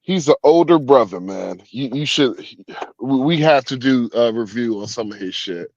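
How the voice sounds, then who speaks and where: A man's voice: mid-range voice, lively intonation, moderate pace, a little mellow, no room sound. A man joining as a guest over a call, chatting loosely and animatedly. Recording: dull lo-fi call audio.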